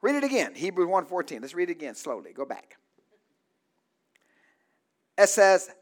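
Male preacher with a very high voice, delivering a call-and-response sermon that builds to shouting. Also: huge pitch swings, moderate pace, pauses often. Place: church.

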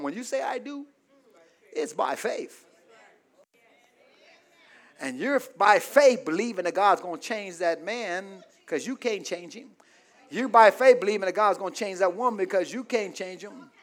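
High, bright-voiced preacher. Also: male voice, lively intonation, normal speed. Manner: call-and-response preaching, asks congregation for amens; swings between loud shouted peaks and soft low asides. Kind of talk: sermon.

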